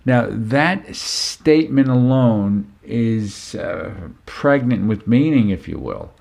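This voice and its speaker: Slow, unhurried male storyteller. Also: mid-range voice, expressive, gravelly, a little mellow. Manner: unhurried, conversational, frequent "you know". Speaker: parenting and classroom speaker. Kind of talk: storytelling talk.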